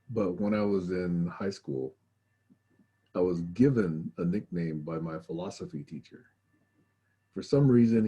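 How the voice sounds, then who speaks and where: A man hosting a study group on a video call, telling stories in a relaxed way with dry humor. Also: deep voice, slightly rough. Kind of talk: casual chat.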